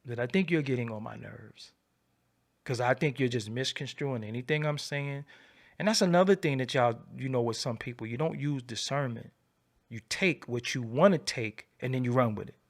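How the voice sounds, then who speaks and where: A man hosting a livestream, ranting in a profane, animated, preaching way and repeating his phrases, swinging from low mutters to loud outbursts. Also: moderate pace. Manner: swoops between low mutter and loud high bursts. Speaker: livestream host. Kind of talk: unscripted livestream rant.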